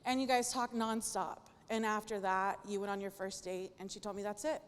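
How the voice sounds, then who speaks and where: A woman's voice: medium pitch, steady tone, normal speed, clean tone, big-room sound. A woman in her thirties, the maid of honor, giving an emotional rehearsal dinner toast, shaky and nervous, joking and laughing through it. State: nervous and teary. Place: dinner hall.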